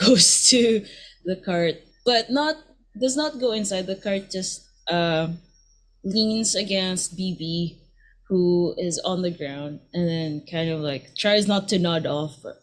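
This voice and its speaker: A woman's voice: fairly low pitch, takes it slowly. A woman playing a tabletop role-playing game, describing her character's actions in a rambling way full of "like" and "kinda". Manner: rambling, filler-laden. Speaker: player. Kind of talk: casual tabletop game play.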